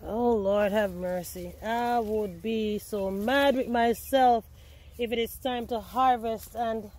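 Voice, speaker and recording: Slow-talking excitable woman gardening vlogger. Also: fairly high pitch. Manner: excitable, talks to viewers as guys. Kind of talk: casual gardening vlog. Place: outdoor garden beside a potato patch. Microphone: self-filmed camera.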